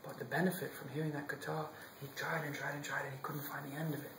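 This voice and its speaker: A man telling a devotional story expressively, shifting from loud to whispered passages. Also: fairly high pitch, little pitch movement, fast, hardly any pauses, echoey room, heavy background noise. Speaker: storyteller monk.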